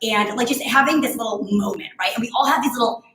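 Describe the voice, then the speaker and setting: A woman in her thirties coaches a barre workout with a bright, forceful voice. She chats casually and tells stories between cues to plank and breathe. The sound is roomy and echoey. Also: on the high side, fast. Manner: chatty, storytelling between exercise cues. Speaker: barre instructor. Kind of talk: live home workout class cueing.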